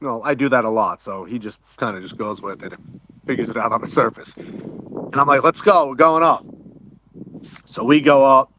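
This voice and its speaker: A man telling an excitable diving story, swearing casually and acting out what he said at the time. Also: medium pitch, fairly quick, noisy background. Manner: excitable, swears casually, acts out his own quotes. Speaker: wreck diver guest. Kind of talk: animated storytelling.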